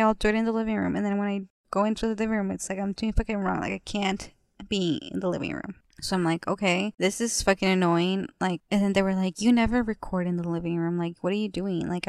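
A woman's voice: mid-range voice, gravelly, clean tone, no room sound, studio quality. A woman in her twenties hosting her own podcast, venting casually with lots of profanity, recorded at home. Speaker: podcast host. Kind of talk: casual solo podcast chat. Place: apartment living room.

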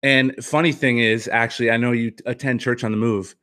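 A man who is a former pitcher and author, telling a personal story as a podcast guest in an earnest, reflective way, often restarting sentences. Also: steady tone, brisk, fairly bright tone.

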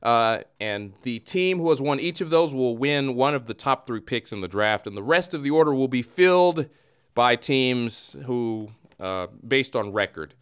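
Male host, smooth clear voice, mock-announcer delivery with sarcastic asides. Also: medium pitch, animated, normal speed, fairly bright tone. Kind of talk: mock-broadcast hosting.

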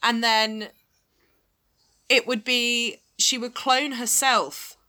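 A woman's voice: on the high side, fairly even intonation, drawn-out words, bright, forceful tone. A woman co-hosting a casual film review chat, dropping wry quips. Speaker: podcast co-host.

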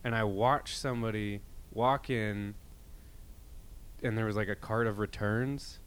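A man's voice: fairly low pitch, steady tone, unhurried, clean tone. A man co-hosting a podcast, telling rambling stories in casual, profane chat with many restarts. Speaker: podcast co-host.

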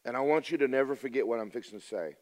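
An older man, preaching a folksy, storytelling sermon that swings from loud declarations to hushed confessions. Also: mid-range voice, racing.

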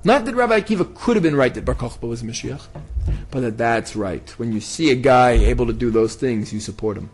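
A man's voice: mid-range voice, expressive, a little fast, soft background music. A man teaching history with dramatic emphasis, building to emphatic peaks. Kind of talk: impassioned history lesson.

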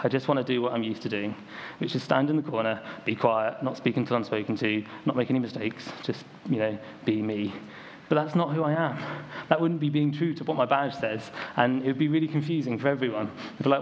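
A man's voice: mid-range voice, fairly quick. A young man from the United Kingdom preaching a sermon to a church congregation in a casual, storytelling way, full of ums and likes. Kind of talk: conversational sermon. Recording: dull lo-fi recording, faint ambient noise.

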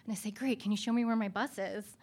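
Woman storyteller, medium-pitched voice, lively and self-deprecating in a live personal tale. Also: quick pace. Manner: animated, self-mocking, laughing through the funny parts.

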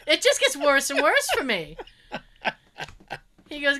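A young woman tells a story with a sarcastic, sassy edge, throwing herself into every quoted line. Her voice sits fairly high and bright, and it swings widely up and down as she goes. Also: brisk. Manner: sarcastic, animated, acts out quotes. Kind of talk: casual chat, telling an anecdote.

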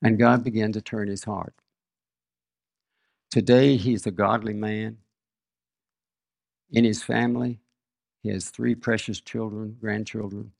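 An older man preaching a sermon, reading scripture and telling personal stories in a slow, measured way. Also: lowish voice, vocal fry, a little mellow, dry recording, clean studio sound.

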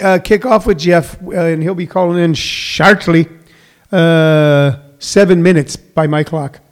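Rambling comedy podcast host, man. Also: on the high side. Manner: rambling, self-correcting, lots of uh fillers. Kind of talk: casual solo radio-style show.

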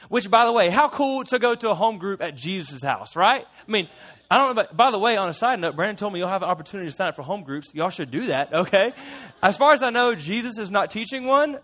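A man's voice: high-pitched, pushed and bright, exaggerated voice. A man playing a chatty fisherman disciple. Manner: chatty and playful, with laughs and side remarks. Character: folksy fisherman disciple retelling his memories. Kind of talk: first-person character storytelling to a church group.

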